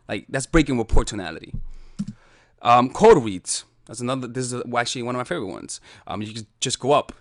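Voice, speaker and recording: A man in the middle of pitch coaching a casual lesson on dating. His talk is loose and animated, full of restarts and the odd swear word. The recording is dry and close. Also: brisk, no echo.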